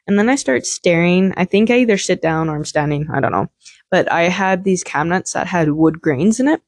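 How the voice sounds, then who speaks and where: A woman's voice: lowish voice, animated, a little fast, no room sound. Candid young woman telling a personal story. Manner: candid, rambling, heavy swearing and filler "like". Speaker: podcast host.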